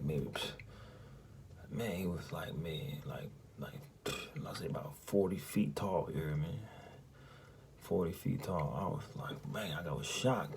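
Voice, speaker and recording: A man telling a story in casual, profane, rambling speech, often asking "you hear me?" and dropping into a hushed half-whisper. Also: sits low, vocal fry, slight background noise. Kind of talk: casual spoken recounting of a dream.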